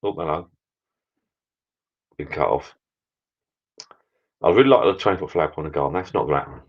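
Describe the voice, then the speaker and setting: A man's voice: very deep voice, expressive, fairly quick, slightly rough, lo-fi sound. A British man hosting a casual live chat with viewers, rambling chattily while drinking beer. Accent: British English. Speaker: livestream host chatting with viewers.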